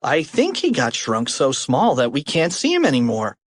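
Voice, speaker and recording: A man voicing an excitable, easily panicked young schoolboy in a storybook, high and yelling. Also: normal speed, no room sound. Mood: worried. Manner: high-pitched, yelling in alarm.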